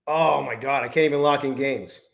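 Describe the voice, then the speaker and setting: A man's voice: medium pitch, fairly quick, vocal fry, echoey room. A man talking through trades on a live stream, swearing often, muttering in frustration and greeting viewers by name. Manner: profane, exasperated muttering, greets chat by name. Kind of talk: live-stream trading commentary.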